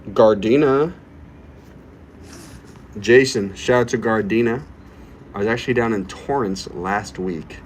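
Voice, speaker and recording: A man's voice: on the low side, unhurried, long pauses, a little hiss or hum, rough recording. A young man hosting a casual livestream, reading chat aloud and hyping himself up with playful bits. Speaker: livestream host. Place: current location he names while streaming.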